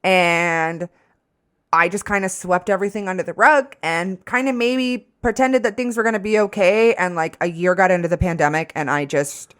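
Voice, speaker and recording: A woman's voice: on the low side, normal speed, a bit bright, smooth. A woman in her twenties co-hosting a podcast, talking bluntly and casually with frequent swearing. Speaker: podcast co-host. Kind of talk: casual chat.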